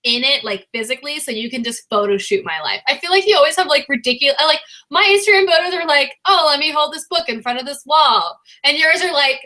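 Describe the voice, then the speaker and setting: A woman's voice: high-pitched, fast, few pauses, sharp tone. A young woman in college chatting casually with a friend, playful and teasing. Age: young adult. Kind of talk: casual chat.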